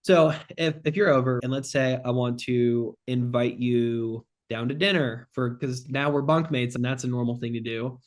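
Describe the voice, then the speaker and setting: A direct, upbeat man talking shop on a podcast as a guest. He jokes around easily and slips into quick acted snippets of phone calls to make his points, at a voice neither high nor low. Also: steady tone. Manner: direct, joking, acts out phone lines. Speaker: sales closing expert guest. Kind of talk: casual podcast chat.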